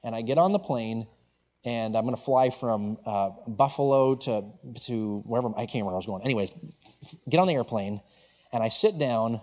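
A male pastor preaching a sermon, telling a story in an animated way and acting out the quotes. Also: mid-range voice, brisk, dull audio.

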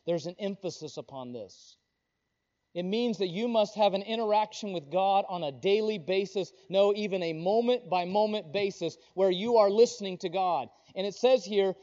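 A man preaching a sermon with fervent emphasis, dropping to a hush and then rising loud. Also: high-pitched, moderate pace. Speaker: pastor. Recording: dull lo-fi recording.

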